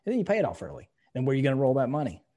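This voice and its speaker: Man, middle-aged, husky voice, casual podcast host, emphatic storyteller, swears freely. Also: mid-range voice, sing-song, very fast, warm tone. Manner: emphatic storytelling with frequent profanity. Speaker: podcast host, insurance agency owner.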